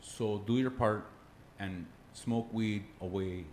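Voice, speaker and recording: A man's voice: fairly low pitch, slow, darkish tone, slight background noise. A man putting on a laid-back, slangy stoner homie who drawls through a rambling tall tale. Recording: roomy echo, faint background.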